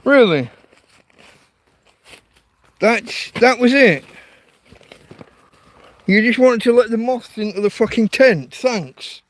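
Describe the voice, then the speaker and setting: A man's voice: very high-pitched, lively intonation, takes it slowly, pauses often, no room sound. A man, hosting a casual livestream from a tent in a field, talking to his dog in an exasperated, sweary way. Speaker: livestream host. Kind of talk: casual night-time livestream chat.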